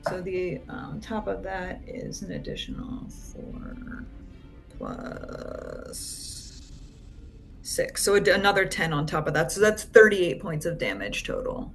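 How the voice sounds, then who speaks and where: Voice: medium pitch, huge pitch swings, slow, vocal fry, fairly bright tone, faint music behind. A player in a tabletop game working out their attack damage step by step. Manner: explains dice math step by step.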